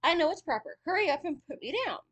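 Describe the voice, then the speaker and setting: A woman's voice: sits high, lively intonation, fast, a bit bright, pitched above the performer's own voice. A woman voicing a tiny, clever and cheeky boy no bigger than a thumb, in a raised, eager voice.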